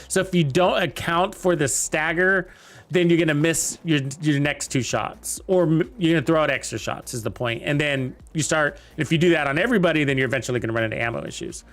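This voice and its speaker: A man's voice: on the high side, brisk, fairly bright tone. A young man giving casual, rambling commentary while playing a video game, chatting to his viewers with lots of fillers. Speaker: game streamer.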